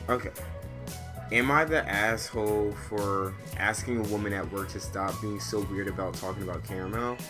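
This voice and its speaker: A man's voice: lowish voice, normal speed. Profane ranting man over game music. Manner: profane, loud, animated ranting. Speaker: streamer reading and reacting to online stories. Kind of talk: casual gaming commentary with rants. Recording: gameplay music behind the voice.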